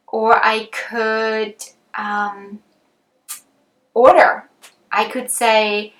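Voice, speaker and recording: Slow-talking woman teacher, roomy echo. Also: medium pitch. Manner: relaxed, thinks aloud with frequent ums and restarts. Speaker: empathy communication teacher. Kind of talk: conversational teaching with examples.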